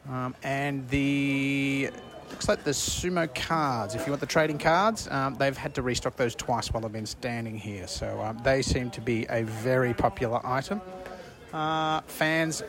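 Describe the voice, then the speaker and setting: A man's voice: medium pitch, unhurried. A man reporting casually from a busy sports venue, with many fillers. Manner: loose, rambling, many fillers. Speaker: on-site reporter. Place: busy venue, crowd behind. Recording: crowd noise behind.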